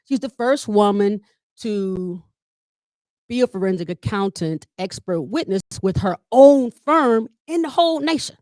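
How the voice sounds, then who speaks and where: A woman comedian and family caregiver leading a workshop, telling stories with humor and talking straight to her audience, often jumping up in pitch to act out what people said. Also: a little slow, dry recording, clean studio sound. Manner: lively storyteller who addresses the audience directly; acts out quoted dialogue with big pitch jumps.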